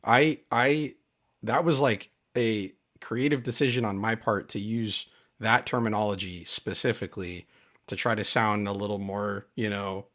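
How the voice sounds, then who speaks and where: Man with a low voice, casual aggrieved commentary, keeps hammering his point. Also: fairly even intonation, unhurried, a bit bright. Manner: aggrieved, emphatic, repeats himself. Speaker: channel host.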